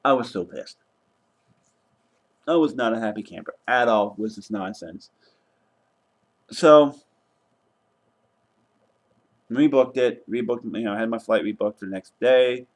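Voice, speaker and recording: A man's voice: mid-range voice, normal speed, pauses often. Exasperated man ranting about travel. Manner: exasperated, animated storytelling with swearing. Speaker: vlogger. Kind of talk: casual travel vlog rant.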